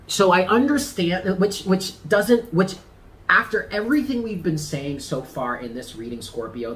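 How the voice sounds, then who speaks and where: A man giving a casual tarot reading to the camera, talking in an animated, slangy way with swearing and laughs. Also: fairly high pitch. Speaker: tarot reader.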